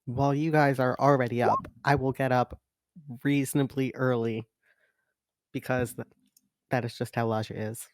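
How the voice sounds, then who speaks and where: A man's voice: medium pitch, fairly even intonation, normal speed, pauses often, dry recording. A man playing his character at a tabletop role-playing game, asking hesitant questions. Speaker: player.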